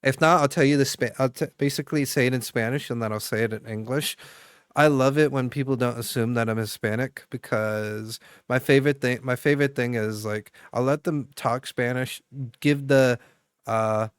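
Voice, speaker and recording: Young man streamer, smooth dry voice. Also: mid-range voice, steady tone, normal speed, no echo. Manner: rambling, chatty, full of fillers and restarts. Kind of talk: casual chat with viewers.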